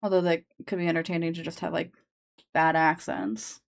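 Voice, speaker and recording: A woman's voice: sits low, normal speed, vocal fry. A woman chatting casually on a live stream into a sensitive desk microphone, rambling with lots of fillers and restarts.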